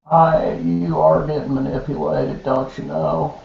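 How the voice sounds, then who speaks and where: A man doing a drawling gravelly old politician. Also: a little high, little pitch movement, a little slow. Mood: smug. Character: slow gravelly older male politician impression. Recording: muffled lo-fi, roomy echo.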